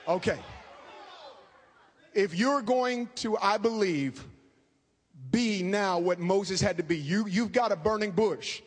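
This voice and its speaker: A man preaching a fervent sermon, talking fast and calling out to the congregation. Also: high-pitched. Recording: long hall reverb.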